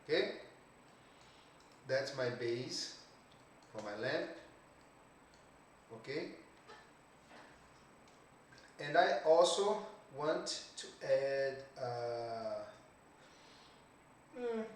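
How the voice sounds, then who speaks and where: A man giving a casual 3D art tutorial, thinking aloud slowly with many "okay"s and trailing phrases. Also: medium pitch. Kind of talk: casual screen-recorded tutorial. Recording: echoey room, distant mic, faint hiss.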